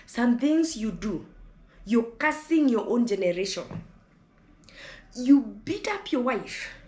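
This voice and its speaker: A woman's voice: fairly high pitch, sing-song, slow pace, a little mellow, roomy sound. A Kenyan woman vlogger speaking to camera in an impassioned monologue, fiery and preachy, often repeating words as she gets heated.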